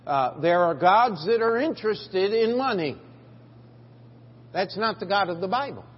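A man's voice: sits high, lively intonation, measured pace, husky. A middle-aged man preaching a sermon as pastor, in a folksy, emphatic way with frequent restarts, recorded in a church sanctuary. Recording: dull, lo-fi church recording with long reverb.

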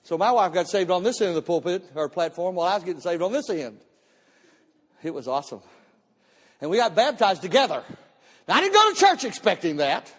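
A pastor with a very high voice tells his testimony from the pulpit, animated and bursting into shouts now and then. His voice rings on in the long reverb of a church hall. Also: fast talker, husky. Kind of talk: testimony sermon. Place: church sanctuary, live service.

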